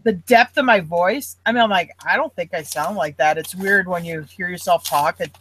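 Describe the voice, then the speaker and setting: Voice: medium pitch, moderate pace, background noise. A speaker from Milwaukee with a Wisconsin accent, chatting casually and easily, thinking aloud with fillers. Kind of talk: casual chat.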